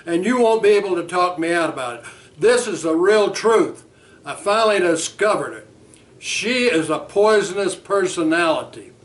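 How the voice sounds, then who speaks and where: A man's voice: sits high, moderate pace, few pauses, fairly bright tone, distant mic. A man voicing an enraged, defiant young male graduate student who insists on his hatred. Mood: furious.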